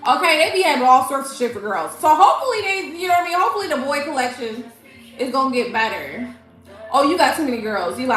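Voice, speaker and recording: A middle-aged woman hosting a live tarot stream in loose, profane chat, laughing and greeting her viewers. Her voice sits high and swings widely, with a bright, sharp edge. The room is echoey, with faint music behind her. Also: sing-song, fast talker. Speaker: tarot reader livestream host.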